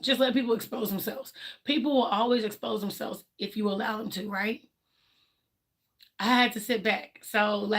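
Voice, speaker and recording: A woman hosts a livestream and talks frankly about her own life in loose, colloquial speech. She acts out what other people said to her, often switching into their voices for a line or two. Her voice sits at a middle pitch. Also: a bit bright. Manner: candid and emphatic, acts out quotes of others; colloquial, laughs between points. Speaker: livestream host. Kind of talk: casual personal talk on a livestream.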